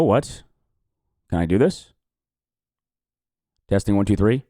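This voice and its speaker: A man with a low voice streams a watch party, talking casually and swearing freely as he reacts. His pitch jumps around a lot, and the dry close-mic sound keeps him right up front. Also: lively intonation, slow, dark tone, no echo. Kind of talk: casual live-stream chat.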